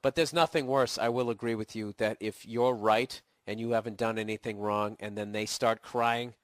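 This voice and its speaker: A middle-aged comedian with a Boston accent hosts a podcast, answering a listener's email with a profane, sarcastic advice rant and mocking falsetto impressions. Still getting over a cold, his voice cracks, though his tone stays steady at normal speed in clean studio sound with no echo.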